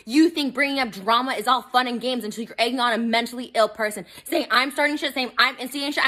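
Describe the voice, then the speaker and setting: A woman's voice: high voice, pushed and bright. A woman in a furious, profane rant, accusing someone directly. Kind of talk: angry ranting video.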